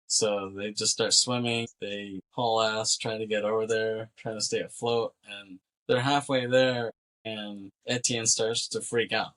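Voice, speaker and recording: A man with a somewhat low voice co-hosts a casual movie podcast. He retells the plot in an animated, loose way, swearing freely and acting out the dialogue. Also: a little slow. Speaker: podcast co-host. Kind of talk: casual movie recap chat.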